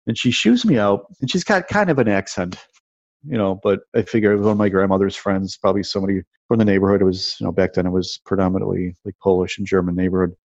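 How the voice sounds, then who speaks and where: A low-pitched man in his fifties spins a casual, rambling story, stumbling over restarts and leaning on filler words. The recording is dull and lo-fi, with a dry, close sound and no room around it. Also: fast talker, darkish tone, no room sound. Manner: rambling, restarts and repeats words, lots of "you know" and "like". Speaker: guest telling personal stories.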